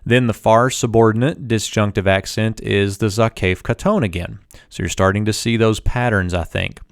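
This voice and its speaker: Male teacher, low-pitched, smooth and resonant, dry close mic, calm explanatory lesson read. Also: no echo. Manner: steady, explanatory, reads Hebrew slowly. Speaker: Biblical Hebrew teacher. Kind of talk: scripted screen-walkthrough lesson.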